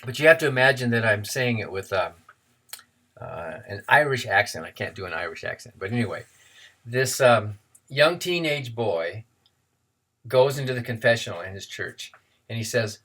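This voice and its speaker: A man's voice: fairly low pitch, moderate pace. Chatty man telling a joke. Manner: chatty, playful, relaxed. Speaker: co-president of a freethought organization. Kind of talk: joke telling and casual self-introduction. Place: his office, blinds closed.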